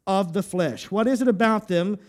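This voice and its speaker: A man delivers a sermon in a notably high voice. He drives his points home with rhetorical questions and emphatic repetition. His phrases often stumble and restart. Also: moderate pace. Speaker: pastor.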